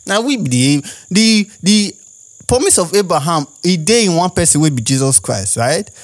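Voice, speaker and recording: Rambling Nigerian man, fairly high voice. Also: normal speed. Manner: animated, rambling, rhetorical questions. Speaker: podcast host. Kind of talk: casual monologue.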